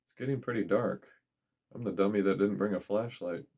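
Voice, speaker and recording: A man's voice: fairly low pitch, a little fast, a little mellow, husky. Storybook figure: a hesitant, apologetic young guy who stumbles over his words, as a male narrator voices him. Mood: reassuring. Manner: hesitant, stammering. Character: awkward, apologetic young man.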